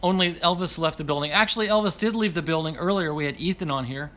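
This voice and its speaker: A man's voice: on the high side, fast, fairly bright tone. Chatty, apologetic male livestream host. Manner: apologetic, self-deprecating, laughs often. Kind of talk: casual livestream chat, reading viewer comments.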